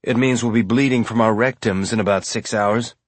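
A man's voice: on the low side, fairly even intonation, brisk, no echo, close to an everyday voice. A man voicing a decisive male ship captain who speaks urgently and directly.

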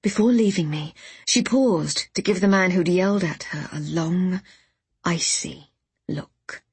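A woman reads a novel aloud in a measured, first-person storytelling voice. Her tone sits on the low side and is breathy. The recording is close and dry. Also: darkish tone, no echo. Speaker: audiobook narrator. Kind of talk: scripted narration of a novel.

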